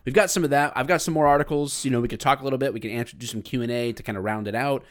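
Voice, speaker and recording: A man's voice: mid-range voice, very fast. A man who is a former police officer, co-hosting a podcast in casual chat and laughing often as he tells stories. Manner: laughs often, animated storytelling.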